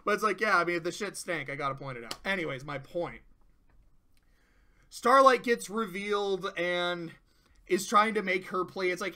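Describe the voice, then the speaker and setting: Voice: medium pitch, normal speed. A cartoon reviewer in casual commentary, rambling and swearing freely while retelling an episode. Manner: profane, rambling, animated.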